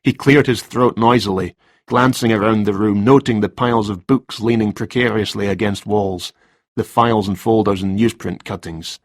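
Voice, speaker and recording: Husky low-voiced male narrator. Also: steady tone, normal speed, dry recording, clean studio sound. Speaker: audiobook narrator. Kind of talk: scripted narration.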